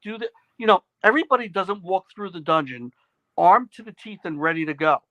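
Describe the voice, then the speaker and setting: A man's voice: high-pitched, expressive, a little fast, sharp tone, no room sound, highs cut off. A man co-hosting a podcast who runs tabletop games, earnestly explaining how he plays them by listing points one after another. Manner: earnest, list-making explanations. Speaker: podcast co-host and game master. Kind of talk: casual gaming chat.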